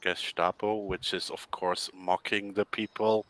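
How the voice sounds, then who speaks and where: A man's voice: sits low, little pitch movement, unhurried, a bit bright, rough recording. A man hosting his own stream, chatting casually with dry jokes. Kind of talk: casual chat.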